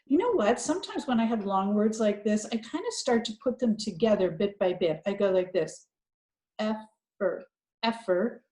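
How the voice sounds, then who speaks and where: A woman's voice: mid-range voice, expressive, a little fast, few pauses, warm tone, roomy sound. A woman teacher guiding young children through a reading lesson, thinking aloud in an encouraging way.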